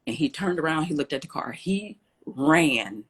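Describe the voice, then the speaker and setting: A woman guest in an interview, telling a personal story with lively, acted-out dialogue. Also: sits low, moderate pace, husky. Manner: animated storyteller, acts out quoted dialogue.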